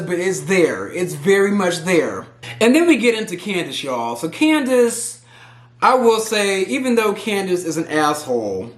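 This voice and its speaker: A man from Houston gives casual, opinionated pop culture commentary in a high voice. He talks straight to his viewers with plenty of animation. The sound bounces around an echoey room. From Houston, Texas.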